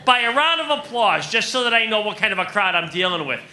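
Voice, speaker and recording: A man's voice: high voice, sing-song, fast talker, background noise. A man in his thirties doing a stand-up comedy set on a club stage, delivering punchy jokes and calling the crowd "folks.".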